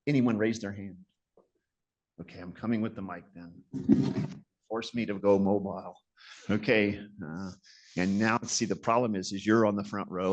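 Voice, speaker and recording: With a fairly low voice, a man in his sixties speaks as a guest surgeon, giving a conversational lecture full of self-deprecating, reflective stories.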